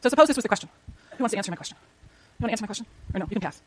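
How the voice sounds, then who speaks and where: A woman's voice: mid-range voice, expressive, racing, dry recording. A middle-aged woman lecturing a university economics class in a chatty way, asking the students questions as she goes.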